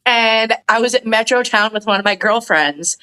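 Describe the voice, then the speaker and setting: A woman's voice: fairly high pitch, normal speed, pushed and bright. A woman from Canada chatting casually with friends, laughing easily. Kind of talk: casual chat.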